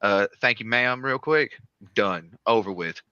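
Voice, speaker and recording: A man's voice: fairly low pitch, unhurried, bright, forceful tone, smooth, no echo, highs cut off. A man with a Southern US accent and a stutter, chatting casually and swearing freely on a live stream. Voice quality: stutters on some words.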